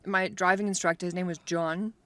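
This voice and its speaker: A young woman recounts a memory in a relaxed chat, her voice sitting on the low side. She talks fast and animated, stringing phrases together with "like", recorded in the close confines of a car. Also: a crowd in the background. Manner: animated storyteller, lots of "like". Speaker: podcast co-host. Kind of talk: casual storytelling chat.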